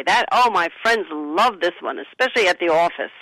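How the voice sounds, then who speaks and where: An author talking about her book, coaching listeners gently and acting out soothing sample replies. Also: medium pitch, animated, normal speed, no room sound, low-quality recording. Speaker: author and guest. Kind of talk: conversational advice talk.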